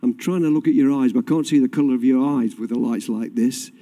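A man's voice: medium pitch, fast talker. Man preaching a sermon in a reverberant hall. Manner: impassioned preaching, swinging from loud to quiet.

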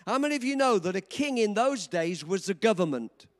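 An older man in his seventies preaching a sermon, telling a story with dramatic swings from quiet to shouting. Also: high voice, sing-song, a little fast. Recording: long reverb of a large hall.

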